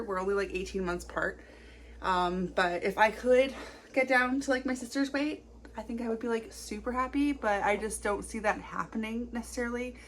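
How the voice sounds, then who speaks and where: A young woman in her twenties talking casually to camera in a confessional vlog, rambling quickly with lots of fillers. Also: medium pitch, a bit bright, a little hiss or hum. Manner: chatty, rambling, fast-talking with many fillers. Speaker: vlogger.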